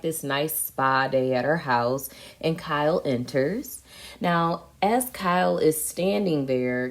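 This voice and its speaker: Sassy low-voiced woman recapping TV. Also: a little mellow. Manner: sassy, slangy and chatty. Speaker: TV recap vlogger. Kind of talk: casual chat recapping a reality show.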